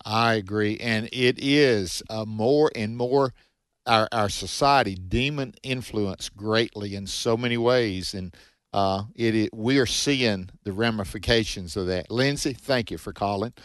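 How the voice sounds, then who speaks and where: A man's voice: fairly low pitch, a bit bright, smooth, dry recording, clean studio sound. Southern man hosting a Bible call-in show. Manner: homespun, slow and halting. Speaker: radio host.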